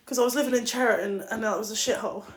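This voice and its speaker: A young woman chats to her livestream viewers in a casual, rambling way. She is blunt and swears freely, and her voice sits a little on the high side. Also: rapid-fire. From England.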